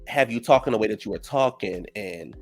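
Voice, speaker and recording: A man giving a casual, sassy recap of a reality show, acting out the cast members' lines in a raised, animated voice. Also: fairly low pitch, fairly quick, faint music behind. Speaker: show reviewer.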